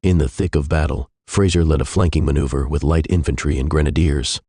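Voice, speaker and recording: A man narrating a historical fiction story in a measured, even way. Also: extremely low pitch, husky, no echo, clean studio sound.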